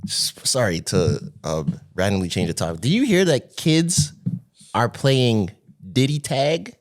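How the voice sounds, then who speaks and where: A man's voice: medium pitch, big pitch swings, a little slow. A man co-hosting a podcast, joking in casual slangy chat, with a runny nose. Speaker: podcast co-host.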